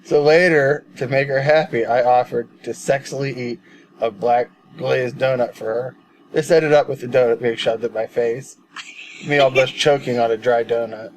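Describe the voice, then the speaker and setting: A man's voice: medium pitch, steady tone, moderate pace, a little hiss or hum, low-quality recording. A man co-hosting a casual movie podcast, telling rambling stories with a joking tone and frequent laughs. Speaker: podcast co-host. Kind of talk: casual chat.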